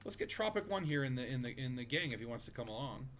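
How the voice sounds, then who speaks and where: A man's voice: medium pitch, expressive, fast, fairly bright tone, slight background noise. A man streaming a video game, chatting casually with friends, rambling with fillers and laughing easily. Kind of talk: casual gaming chat.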